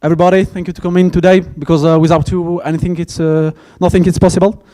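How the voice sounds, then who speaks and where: A man with a French accent, a native French speaker, giving a hesitant opening speech at a conference and thanking sponsors, with many pauses and fillers. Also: high voice, level tone, dark tone. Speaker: conference organizer. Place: conference hall.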